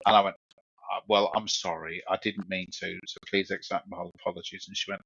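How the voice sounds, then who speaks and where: In a deep, gravelly, fairly bright voice with a level tone, this man co-hosts a podcast and speaks a little fast. His long, casual story wanders, repeats itself, and includes swearing, and the dull lo-fi audio carries slight background noise.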